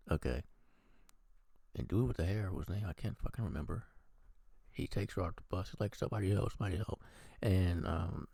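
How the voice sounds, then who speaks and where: A man's voice: low voice, gravelly, dark tone, slightly rough, no room sound. A man giving a casual, profane movie review, animatedly acting out the characters' lines.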